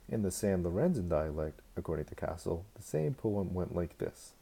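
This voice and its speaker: A man's voice: low-pitched, very animated, moderate pace, creaky, hardly any pauses, warm tone, husky, low-quality recording. A man reading a novel aloud as a fan, unpolished, stumbling over words and restarting lines. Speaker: amateur audiobook reader.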